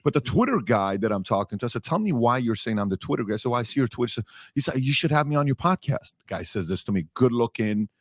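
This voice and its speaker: A man's voice: medium pitch, animated, fast talker, no room sound, studio quality. A man on a podcast telling a story and making emphatic, repeated points, acting out the people he quotes. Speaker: podcast host. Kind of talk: storytelling rant. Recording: played clip from a podcast.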